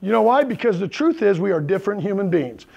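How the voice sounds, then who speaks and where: A male pastor delivers a conversational sermon from the pulpit. His voice sits high for a man and has a gravelly, crackly texture, and he keeps pausing to check in with his listeners. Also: sing-song, a little mellow, highs cut off. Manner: checks in with the congregation, asking "right?" and "okay?". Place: church sanctuary with congregation.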